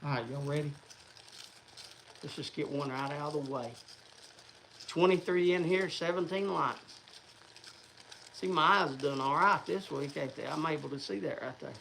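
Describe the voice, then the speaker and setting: A man's voice: a little high, normal speed, creaky, pauses often, sharp tone, slight background noise, low-quality recording. A man hosting a livestream, talking to viewers in a rambling, chatty way. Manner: rambling, chatty, restarts and fillers. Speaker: livestream host. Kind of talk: casual livestream chat.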